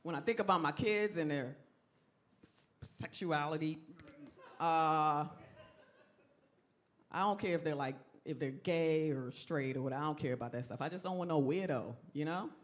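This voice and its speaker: A woman's voice: low voice, normal speed, long pauses. A woman doing stand-up in a brash, profane, mock-outraged way. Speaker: stand-up comedian. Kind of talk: stand-up routine. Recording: loud background noise.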